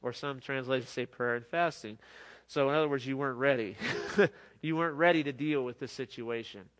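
A man's voice: mid-range voice, fairly quick. A middle-aged man preaching a sermon in an earnest, conversational way, often restarting his sentences. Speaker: pastor.

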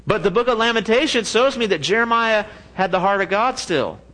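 A man preaching a sermon in a lively, joking way, often laughing at his own asides. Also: sits high, fairly quick, rough recording. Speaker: pastor.

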